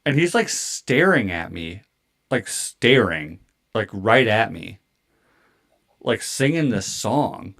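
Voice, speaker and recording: Male podcast co-host, 30s, casual storyteller, animated, rambling with fillers. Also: fairly low pitch, slow, creaky. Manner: animated, heavy filler words and swearing.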